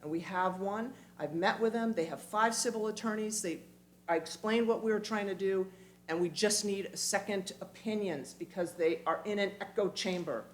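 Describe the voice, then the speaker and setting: A woman giving an animated, emphatic community talk, with quick asides, in a church hall. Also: medium pitch, a little hiss or hum. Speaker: speaker.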